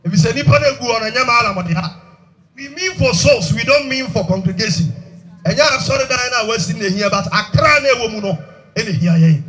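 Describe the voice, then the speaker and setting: A Ghanaian male preacher delivers an exhorting sermon, often shouting and pressing the congregation for amens. His voice sits very high and rings bright and forceful. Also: animated, a little fast. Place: church dedication service.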